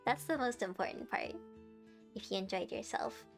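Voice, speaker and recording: A woman's voice: on the high side, moderate pace, vocal fry, soft background music. A young woman streamer, bubbly and giggly, chatting and playfully teasing her viewers on a live stream.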